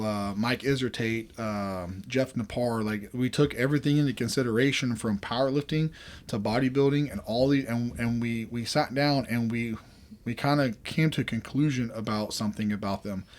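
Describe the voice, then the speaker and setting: A man from the American South with a Southern accent, hosting a casual podcast chat in a rambling, laid-back way. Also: medium pitch. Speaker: podcast host.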